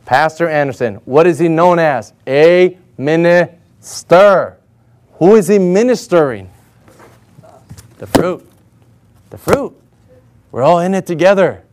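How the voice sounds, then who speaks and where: A man's voice: on the high side, sing-song, a little slow, pauses often, darkish tone. A man preaching a sermon with energy and emphasis, firing rhetorical questions and calling for responses from the congregation.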